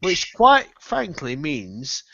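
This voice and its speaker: Teasing, high-voiced man with a bouncy delivery. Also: huge pitch swings, takes it slowly, vocal fry, fairly bright tone, no echo. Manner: teasing, mock-lecturing. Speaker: stream co-host. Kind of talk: casual chat. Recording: dry, slightly muffled mic.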